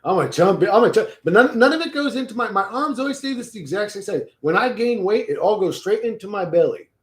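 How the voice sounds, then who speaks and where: A man hosting a casual livestream, rambling and joking with a lot of swearing, swinging between low mumbles and loud bursts. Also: animated, fast. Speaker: livestream host reading chat.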